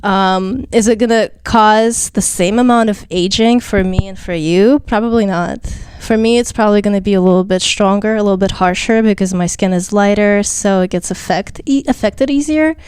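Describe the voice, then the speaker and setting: A woman's voice: mid-range voice, normal speed, few pauses, a little mellow, smooth. A young woman with a slight non-native accent, explaining skincare casually as an interview guest, chatty and full of fillers. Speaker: esthetician guest.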